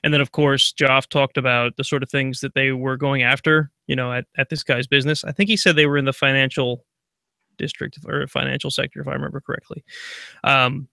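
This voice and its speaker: A man's voice: mid-range voice, steady tone, fairly quick, creaky, pushed and bright, dry recording, studio quality. A man co-hosting a casual tech podcast, telling rambling stories and laughing often. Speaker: podcast co-host. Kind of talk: casual chat.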